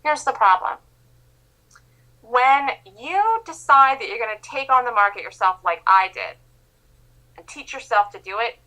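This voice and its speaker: A woman's voice: medium pitch, sharp tone, poor audio. A woman trading instructor giving a motivational lecture in an emphatic, insistent manner.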